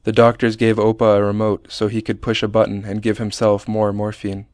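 A man reading a personal memoir aloud in a measured, plain, understated way. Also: fairly low pitch, monotone, a little mellow, no echo, studio quality. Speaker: narrator.

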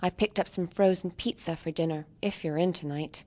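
A man's voice: high voice, steady tone, fairly quick, darkish tone, close to an everyday voice. Woman doing a cheerful young builder.

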